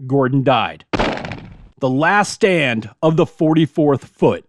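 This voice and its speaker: A man's voice: medium pitch, expressive, slow pace, no room sound. A man hosting a history podcast, reading through a list in a chatty, self-deprecating way. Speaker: podcast host. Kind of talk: informal history podcast narration.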